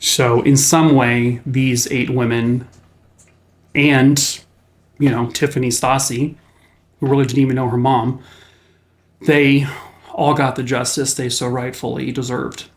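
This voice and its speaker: A young man tells a true crime story off the cuff, in a plain mid-pitched voice. He takes it slow and deliberate, pausing on his words and dropping the odd casual filler. It sounds like a channel host talking straight to his viewers. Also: level tone.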